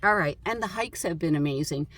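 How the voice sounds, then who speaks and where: A woman's voice: fairly low pitch, animated, a little fast, fairly bright tone. A woman vlogger chatting casually about her travels, rambling with lots of fillers. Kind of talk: casual chat.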